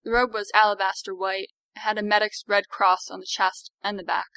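A woman narrating a story in an expressive audiobook reading. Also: medium pitch, brisk, creaky, no room sound.

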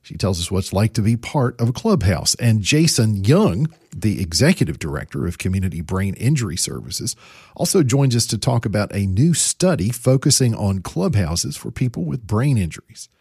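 Lively man hosting a podcast. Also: fairly low pitch, normal speed, gravelly, breathy edge, dry recording, studio quality. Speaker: podcast host. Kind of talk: podcast interview.

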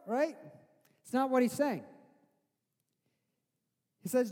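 A man preaching a sermon, conversational at first and rising to loud, slow, emphatic lines. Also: very high voice. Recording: hall reverb.

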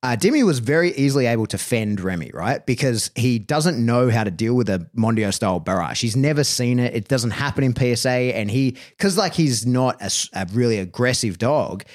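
Lively, swearing man. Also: medium pitch, fairly quick, hardly any pauses. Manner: lively and frank, swearing, many fillers like "like" and "right". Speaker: dog trainer, podcast host. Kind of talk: casual podcast chat.

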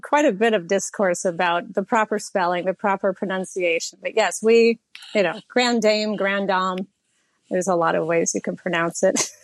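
A woman's voice: medium pitch, normal speed, dry recording. A middle-aged woman pilot answering interview questions earnestly, with a few fillers. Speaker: guest, airline pilot.

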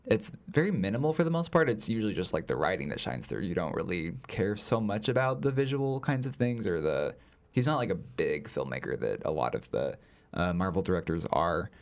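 A man's voice: deep voice, very animated, fairly quick. A man chatting casually about a film as a podcast co-host, rambling and leaning heavily on filler words. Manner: rambling, heavy use of "like" fillers. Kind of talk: casual film review chat.

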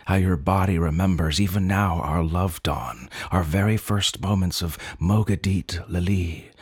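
A man with a very deep, breathy voice reads a first-person story in a slow, dramatic way. He is intense and often drops to a hush. The sound is close and dry, with no room around it. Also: no room sound. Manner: intense, drops to hushed whispers. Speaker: story reader.

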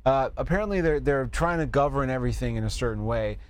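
A man's voice: medium pitch, lively intonation, fast talker. Laughing, rambling podcast host man. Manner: laughs often, rambling with fillers and profanity. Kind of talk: casual chat.

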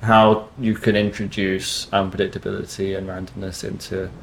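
Halting, low-voiced man. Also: flat delivery, creaky, a bit bright, slight background noise. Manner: halting, many restarts and fillers. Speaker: guest musician. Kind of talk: casual interview chat.

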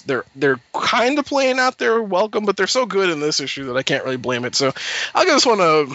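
A man hosting a casual podcast about comics, animated and quick to laugh. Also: fairly high pitch, no room sound, dull audio. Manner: animated, laughs often, does quick voices in anecdotes. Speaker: podcast host.

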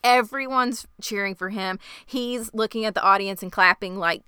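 A woman's voice: mid-range voice, normal speed, smooth, dry recording, studio quality. A woman co-hosting a casual chat, walking through scenes step by step as she narrates. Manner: steady storytelling narration of scenes. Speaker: podcast co-host.

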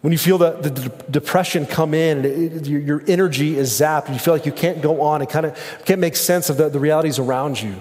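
A man's voice: on the high side, fairly quick, few pauses, a little mellow, long reverb tail. An earnest man in his thirties preaching a sermon, building his points through repeated phrases and lists. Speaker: pastor.

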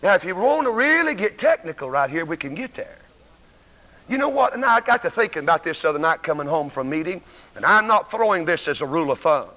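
Here the Southern-accented preacher talks fast, his fairly high voice sing-song, bright and forceful. Delivering a revival sermon to his congregation, he stammers through restarts and calls out to listeners, recorded live in a church sanctuary with long reverb.

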